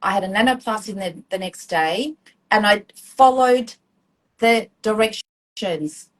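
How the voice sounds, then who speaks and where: Australian woman in her forties, mid-pitched, rambling live-chat storyteller with lots of ums. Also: a little slow, rough recording. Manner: chatty storytelling, many ums, acts out quotes. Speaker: hairdresser and student guest.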